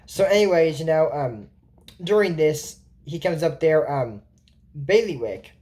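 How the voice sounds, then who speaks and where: A woman with a somewhat low voice talks her way through a cartoon episode for her channel at home. She rambles and circles back, filling gaps with fillers. It is an unscripted, chatty recap. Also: animated, unhurried, warm tone. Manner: rambling, with many fillers and restarts. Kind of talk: casual recap commentary.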